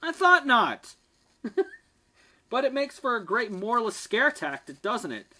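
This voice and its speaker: Reaction host, sarcastic, profane, mock-angry, average pitch. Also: very animated, moderate pace, pushed and bright. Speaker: commentary video host. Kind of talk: reaction commentary.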